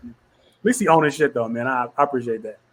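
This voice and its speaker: A man co-hosting a podcast in casual chat, telling animated stories and acting out quotes. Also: medium pitch, fairly quick. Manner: animated storytelling, acts out quotes. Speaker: podcast co-host.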